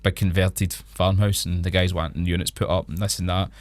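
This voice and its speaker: A man's voice: deep voice, flat delivery, brisk, dry recording, clean studio sound. Chatty Scottish man telling stories. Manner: chatty storyteller, laughs often. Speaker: podcast co-host. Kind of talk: casual chat.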